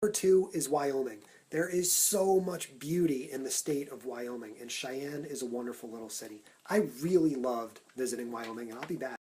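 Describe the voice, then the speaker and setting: A man vlogging for social media, talking in an energetic, punchy countdown style into a phone held at arm's length. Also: mid-range voice, normal speed, hardly any pauses. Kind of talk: upbeat Snapchat vlog talk.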